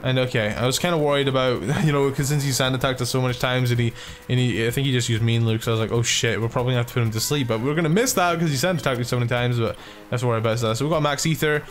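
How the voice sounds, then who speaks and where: A man giving casual commentary while playing a game, excitable, swearing freely and full of filler words. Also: mid-range voice, very fast. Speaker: let's play gamer.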